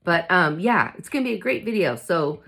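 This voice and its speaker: A woman with a low voice chats straight to her camera in a casual vlog. She speaks candidly and with feeling, recovering from an illness and set on fighting back. Her tone is open and personal, as if talking to friends. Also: very animated, fairly quick, gravelly, fairly bright tone, breathy edge. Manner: candid, emotional, fighting spirit. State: recovering from covid. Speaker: vlogger.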